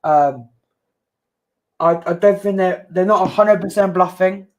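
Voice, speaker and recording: During a heated livestream chat, a male co-host with a voice that sits high speaks unhurriedly. He gets defensive, repeats himself, and keeps telling people to "calm down."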